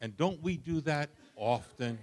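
A man's voice: a little high, measured pace. An older man preaching a sermon, telling stories with humor and sudden jumps in volume. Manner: animated, storytelling with humor and sudden shifts of volume.

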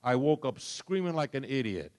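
A middle-aged man preaching a sermon, swinging from soft, low lines to loud, impassioned ones. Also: big pitch swings, normal speed. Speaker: pastor.

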